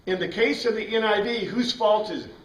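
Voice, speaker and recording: A man with a high, slightly quick voice teaches a Bible class as a classroom lecture, walking through the material step by step and posing questions to his students. The distant mic gives the recording a roomy sound.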